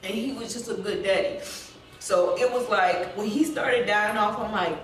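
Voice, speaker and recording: A woman recounts her own story in a raw, blunt, profane voice, rambling and full of fillers. She sits well back from the mic in a strongly echoing room. Soft music runs underneath. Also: mid-range voice, moderate pace, recorded from a distance. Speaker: documentary interviewee.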